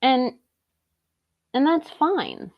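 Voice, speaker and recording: A woman's voice: high voice, huge pitch swings, extremely slow, gravelly, no room sound, dull audio. A young woman streaming live, reacting in a blunt, profane and sarcastic way. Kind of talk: casual live-stream commentary.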